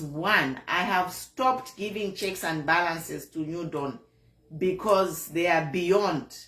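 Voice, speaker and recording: Slow, earnest Zambian woman in an echoey room. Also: fairly low pitch, fairly bright tone. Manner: earnest, repetitive, disappointed. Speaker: online show host. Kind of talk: political commentary monologue.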